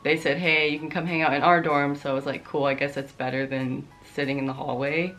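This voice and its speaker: A woman's voice: sits low, brisk. A young adult woman vlogger telling a story in a casual, profane, sarcastic way. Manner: profane, sarcastic, animated retelling.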